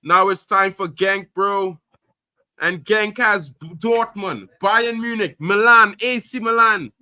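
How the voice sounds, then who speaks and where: A man streaming casual football chat, animated and slangy, calling everyone bro. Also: sits high, slow pace, dry recording. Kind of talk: casual live commentary.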